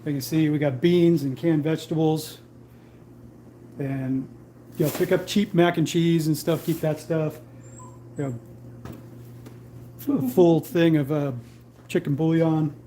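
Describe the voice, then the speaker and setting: A man's voice: a little high, steady tone, unhurried, pauses often, dark tone. A man co-hosting a casual livestream from home, loose and profane, laughing often. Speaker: livestream co-host. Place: home, garage area. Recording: echoey room with faint noise.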